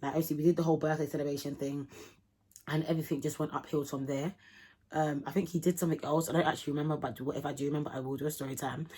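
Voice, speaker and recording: A young woman telling a vlog storytime in animated, slangy talk, acting out the people in it. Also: sits low, rapid-fire, breathy edge. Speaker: vlogger.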